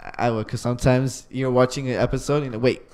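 A man's voice: mid-range voice, fairly even intonation, fast, a little mellow, clear, resonant tone. A man co-hosting a casual podcast chat, enthusiastic and profane, often stumbling over his starts. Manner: enthusiastic, profane, repeats words when starting. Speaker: podcast co-host.

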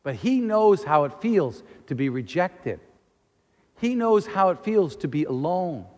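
In a church hall, a high-voiced male pastor gives an animated sermon at a measured pace. He acts out the voices of those he quotes, and a long reverb trails his words.

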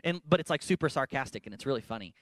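A man's voice: medium pitch, animated, racing, fairly bright tone, no echo, clean studio sound. A man, a pastor, giving an earnest and emphatic sermon-style talk in a church worship center, with playful asides.

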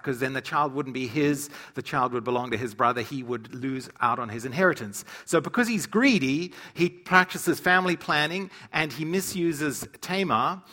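Bright-voiced man teaching scripture. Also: fairly high pitch. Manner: animated storyteller who acts out quotes. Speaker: preacher. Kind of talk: humorous Bible teaching.

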